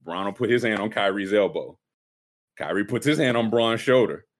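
A man co-hosting a casual comedic chat, animated and quick to slip into high-pitched impressions. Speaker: podcast co-host.

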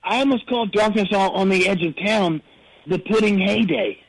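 A man's voice: high voice, moderate pace, rough recording. A man on a comedy call-in show impersonating an aging male rock star who rambles through earnest, absurd boasts. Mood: rambling. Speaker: caller. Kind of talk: comedic impression on call-in radio.

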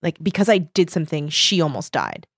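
A woman co-hosting a casual book discussion, relaxed, with many fillers, acting out characters' lines. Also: deep voice, brisk, breathy edge, dry recording, studio quality. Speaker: book podcast co-host. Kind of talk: casual chat.

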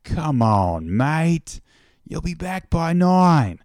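A man's voice: on the high side, sing-song, extremely slow, darkish tone, dry recording, clean studio sound, pitched above the performer's own voice, full character voice. A man voicing a cheerful, joking Australian man in his forties who keeps saying "mate," in a put-on Australian accent. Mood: playful teasing. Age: 40s. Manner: teasing, repeats "mate".

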